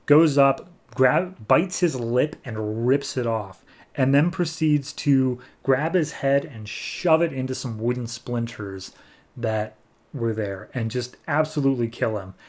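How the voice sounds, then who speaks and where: A man's voice: medium pitch, slow. A man hosting a comic book podcast, walking through a story in a loose, rambling manner. He fills his sentences with "like" and talks in an ordinary mid-range voice. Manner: loose and rambling, heavy use of "like". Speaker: podcast host. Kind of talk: casual comic book recap.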